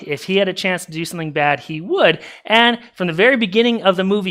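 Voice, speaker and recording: A man's voice: sits high, sharp tone. A man preaching a casual sermon in a church, animatedly retelling a movie plot with asides to the congregation. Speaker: pastor. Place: church sanctuary.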